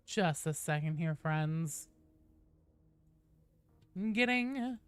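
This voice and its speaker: Animated streamer woman, bright and lively. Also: on the low side, measured pace, no room sound. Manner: loud excited greetings, swears freely. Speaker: game streamer. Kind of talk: casual chat with stream viewers.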